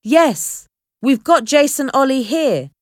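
Brief: calm middle-aged fishing captain, firm and steady, unhurried delivery, read by a woman narrator. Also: high voice, no room sound, clean studio sound, voice pushed up. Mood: grave.

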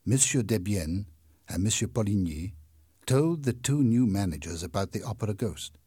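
A man narrating a simple story with slow, deliberate, expressive delivery and a husky voice. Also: on the low side, no echo. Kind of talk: scripted narration of a graded reader.

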